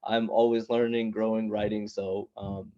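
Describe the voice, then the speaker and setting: A man's voice: lowish voice, little pitch movement, normal speed, dark tone, lo-fi sound. A man in his thirties doing a stand-up comedy set, rambling and conversational, often restarting his sentences. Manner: rambling, conversational, self-interrupting. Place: small open-mic venue, online.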